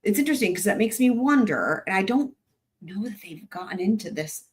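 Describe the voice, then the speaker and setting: A woman's voice: mid-range voice, animated, a little fast. A woman giving casual commentary while reading through case documents, thinking aloud with fillers and restarts and dropping wry, sarcastic asides. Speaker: true-crime commentator.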